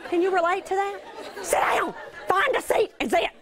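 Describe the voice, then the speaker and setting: A woman delivering a Bible teaching to a mostly female audience, earnest with drawn-out emphasis and playful asides. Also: very high voice, a crowd in the background. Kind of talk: sermon.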